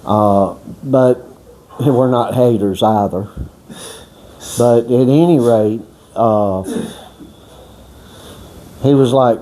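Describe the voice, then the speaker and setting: This storyteller on a boxing workout channel has a mellow, mid-range voice, talks slowly and pauses often. His long, rambling story is folksy and profane, full of restarts, with him playing out other people's words along the way.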